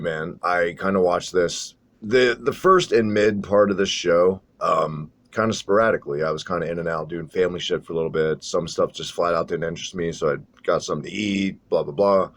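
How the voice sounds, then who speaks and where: A man's voice: low voice, fairly quick. A man hosting a casual wrestling podcast, talking in a profane, sarcastic, rambling way. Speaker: podcast host.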